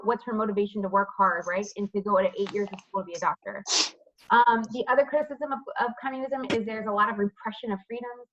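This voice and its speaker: A woman's voice: on the high side, highs cut off, slight background noise. A woman teaching history over a video call, asking students questions by name and checking with "right?". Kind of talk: online class lecture with questions. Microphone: computer mic on a video call.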